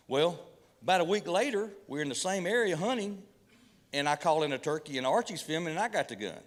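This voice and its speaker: A man's voice: on the high side, big pitch swings, a little fast. A middle-aged man, a pastor telling folksy hunting stories with humor and preaching, full of repeats and restarts. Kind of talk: folksy sermon storytelling. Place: church hall event. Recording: long hall reverb from a church PA.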